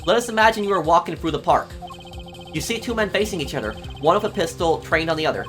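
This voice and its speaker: A man's voice: high voice, animated, fast, fairly bright tone, soft background music. A man voicing an arrogant young male prosecutor with a slipping German accent in a game let's play. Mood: smug. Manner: attempted German accent that slips. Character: arrogant young male prosecutor, showy rock-star swagger. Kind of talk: game dialogue read aloud in a let's play.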